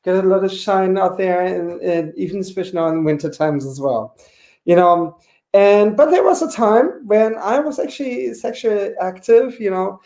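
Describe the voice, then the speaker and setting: A man's voice: high-pitched, expressive, moderate pace, warm tone. A man in his forties doing a campy, chatty stand-up comedy set online, peppering his talk with "you know". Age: 40s. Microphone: home webcam mic.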